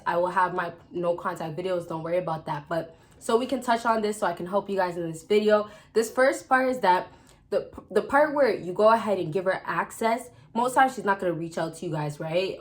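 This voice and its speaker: A woman vlogger giving casual dating advice straight to her viewers, chatty and direct, often calling out to the guys and checking in with a quick question. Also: mid-range voice. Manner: chatty, repeatedly addresses "fellas" and checks with "right?". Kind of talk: casual advice talk to camera.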